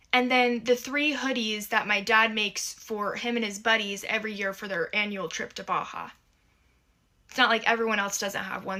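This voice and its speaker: A woman's voice: mid-range voice, steady tone, normal speed, pushed and bright. A young adult woman from the United States telling a personal story to camera in a casual, emphatic and sarcastic way.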